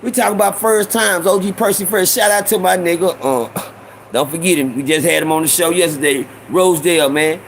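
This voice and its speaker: A man hosting a casual storytelling stream, slangy, with repeated asides and shout-outs to viewers. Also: high-pitched, steady tone, a little fast, a little hiss or hum, low-quality recording. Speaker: host.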